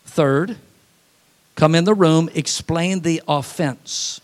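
A man preaching a sermon, telling folksy, humorous stories and laughing at them, swinging from animated to quiet and soft for emphasis. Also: fairly high pitch, slow. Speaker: pastor.

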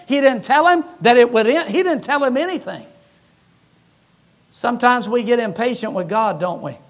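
A man's voice: extremely high pitch, lively intonation, normal speed. A man, a pastor, preaching a sermon in a church with emphatic, repetitive phrasing and touches of humor.

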